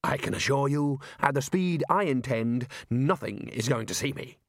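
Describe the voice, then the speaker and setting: A man's voice: medium pitch, lively intonation, moderate pace, vocal fry, dry recording, studio quality. A man voicing a huffy, self-important male wizard dean who turns hesitant.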